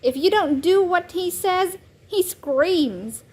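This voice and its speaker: A woman's voice: extremely high pitch, animated, takes it slowly, a little mellow, voice pushed up, heavily acted. Woman reading a wide-eyed schoolboy. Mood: chatty. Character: chatty young schoolboy.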